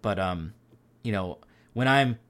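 A man's voice: lowish voice, animated, takes it slowly, fairly bright tone. A man hosting a podcast, talking in a rambling, casual way, with lots of fillers and offhand swearing. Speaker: podcast host. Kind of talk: casual chat.

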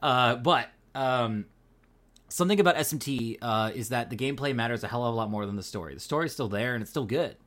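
A man's voice: medium pitch, brisk, a bit bright. A man with a Pacific Northwest American accent, co-hosting a podcast in easygoing casual chat, swearing now and then and using lots of fillers. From Pacific Northwest, USA. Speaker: podcast co-host.

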